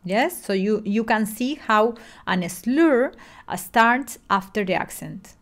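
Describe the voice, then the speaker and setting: A woman's voice: fairly high pitch, animated, slow, over loud music. Middle-aged woman; online lesson delivery, patient, explanatory, many restarts. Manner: explanatory, with frequent fillers and restarts. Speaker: music lecturer.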